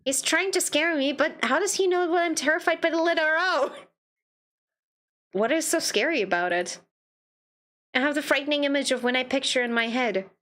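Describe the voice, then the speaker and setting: A woman's voice: high voice, moderate pace, long pauses, a bit bright. A woman streaming a game, reading its dialogue aloud and reacting playfully between lines. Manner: playful, reads text then comments with laughs.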